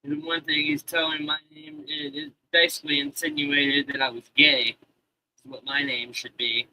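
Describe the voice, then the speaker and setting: A man in his thirties hosting a live stream, talking loosely to his chat with constant swearing. His voice sits a little high and sounds very bright and forceful. He rambles, restarts and trails off as he goes. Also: level tone, moderate pace, a little hiss or hum, poor audio. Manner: profane, rambling, talks to chat.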